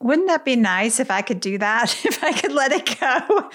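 A woman's voice: sits high, sing-song, moderate pace, a bit bright. A woman hosting a casual interview, introducing segments and laughing easily. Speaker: podcast host.

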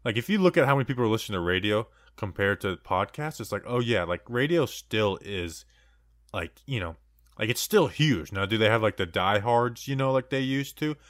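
A man's voice: fairly low pitch, animated, a little fast, fairly bright tone, no echo, studio quality. A man co-hosting a casual sports podcast, joking around and rambling with plenty of "like" and "you know.". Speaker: podcast co-host.

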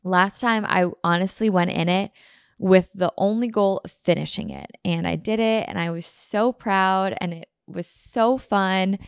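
Podcast host lady rambling along, lots of "like", lowish voice w some vocal fry, dry close sound. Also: fairly even intonation, a little slow, dry recording. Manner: chatty, rambling, peppered with "like". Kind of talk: casual solo podcast chat.

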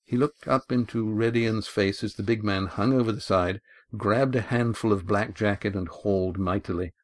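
Man, audiobook narrator, measured, low voice, dry close studio sound. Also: fairly even intonation, no echo.

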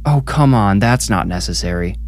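A man's voice: on the low side, lively intonation, moderate pace, faint music behind. A man voicing a frustrated male executive who complains and pleads during a traffic stop. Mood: exasperated. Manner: complaining, placating.

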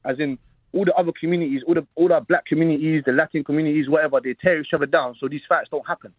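A man with a South London accent calling in to a boxing talk show, talking fast and insistently and repeating himself. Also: on the high side, steady tone, no room sound. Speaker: caller. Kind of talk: call-in boxing debate. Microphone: phone call. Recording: tinny phone line.

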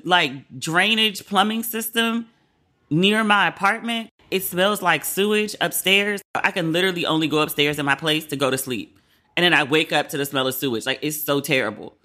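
A woman hosting her own podcast, telling stories in a casual, profane, exasperated way. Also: deep voice. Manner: animated, profane, exasperated storytelling. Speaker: podcast host. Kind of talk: casual solo podcast monologue.

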